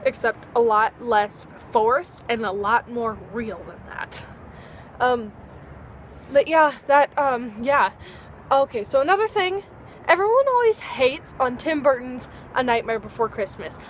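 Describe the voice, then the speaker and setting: Bubbly teen girl rambling to her camera outside, high voice, faint traffic behind. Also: lively intonation, unhurried. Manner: bubbly and rambling, acts out little dialogues. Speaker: vlogger. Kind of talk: casual chat to camera. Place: outdoors at dusk.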